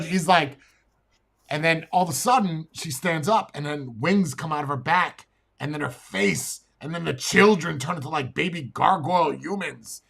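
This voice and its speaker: A man's voice: fairly high pitch, moderate pace, gravelly, fairly bright tone, breathy edge. A man co-hosting a casual talk show, blunt in his opinions, who repeats words and stammers as he tells a long story.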